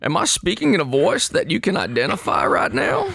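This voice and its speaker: A man voicing a slow, grand alien invader. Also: sits high, huge pitch swings, gravelly, a bit bright, voice pushed up, exaggerated voice. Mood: menacing. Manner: slow, grand, drawn-out delivery. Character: menacing alien invader from space.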